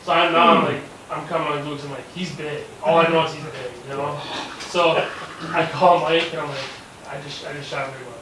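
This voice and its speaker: A man with a fairly high voice tells a hunting story in casual chat, acting out every quote and swearing as he goes. He sounds far from the mic in an echoey space. A steady hiss of noise sits under him. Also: brisk. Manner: animated, acts out quotes, swears freely. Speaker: hunter telling a story. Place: hunting camp gathering. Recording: echoey, distant, noisy camp recording.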